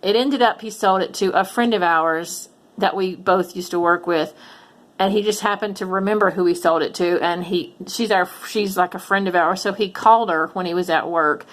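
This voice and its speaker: A middle-aged woman vlogging about her resale finds and telling a long story in a casual, animated way, with lots of ums and false starts. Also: fairly low pitch, normal speed. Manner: chatty, animated retelling with frequent ums and restarts. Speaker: reseller vlogger.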